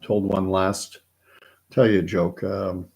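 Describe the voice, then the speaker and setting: A man's voice: low voice, level tone, takes it slowly, creaky, a little mellow. A man from Canada hosting a casual live stream, chatty and joking, thinking aloud as he follows a count. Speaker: host.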